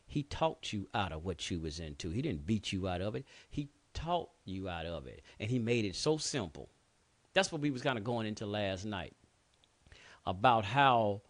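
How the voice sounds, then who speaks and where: Low-voiced streetwise radio host preaching. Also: male voice, no room sound. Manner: conversational, preachy, streetwise slang, frequent cursing. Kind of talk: casual talk radio monologue.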